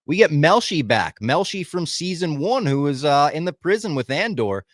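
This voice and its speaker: A man's voice: a little high, sing-song, normal speed, no room sound, studio quality. A man in casual podcast chat, talking with enthusiasm, swearing freely and acting out lines he quotes. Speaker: podcast co-host.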